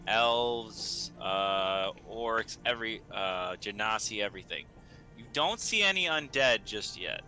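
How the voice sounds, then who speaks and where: Guy dm describing stuff, super bright voice, lots of ums, faint music behind. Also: fairly low pitch, expressive, slow pace. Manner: casual, rambling with many fillers. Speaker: game master. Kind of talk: narrating a tabletop game.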